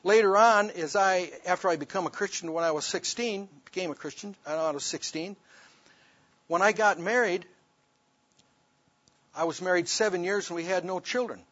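A man's voice: sits high, moderate pace, fairly bright tone, no room sound. A man preaching, telling a personal story in an emphatic sermon testimony, on a dull lo-fi recording.

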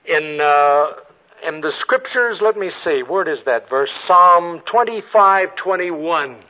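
An older man preaching a sermon with storytelling, moving between ringing emphasis and hushed passages. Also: fairly high pitch, animated, slow. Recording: tinny phone-like radio broadcast.

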